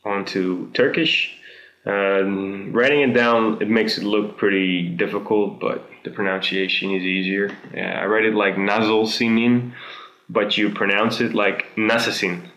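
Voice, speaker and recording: A young man with a Dutch accent talks his way through a casual language tutorial, pausing often. His voice sits low and gravelly but comes out bright. The sound has a roomy echo around it. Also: muffled recording. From Netherlands. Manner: chatty, relaxed, many "uh" pauses. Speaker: video host.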